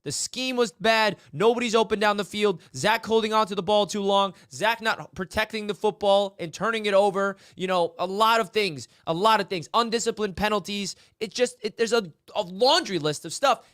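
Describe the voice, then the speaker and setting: High-voiced fired-up man ranting on sports. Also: normal speed, few pauses, fairly bright tone, no echo, studio quality. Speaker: podcast co-host. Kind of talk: heated sports call-in podcast.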